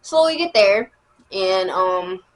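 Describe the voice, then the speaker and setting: A young woman, telling a casual storytime vlog in a chatty, animated way. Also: medium pitch, slow. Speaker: vlogger.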